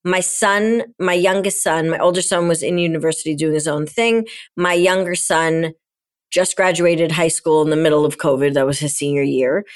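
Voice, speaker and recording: A woman's voice: low voice, fairly even intonation, moderate pace. A middle-aged woman, a podcast guest and coach, telling a candid, emotional personal story in conversation.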